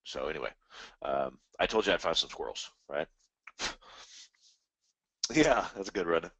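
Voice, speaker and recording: Casual live-stream host, male, low voice, rambling and animated, dry close mic. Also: a little slow, breathy edge, no echo. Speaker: trading webinar host.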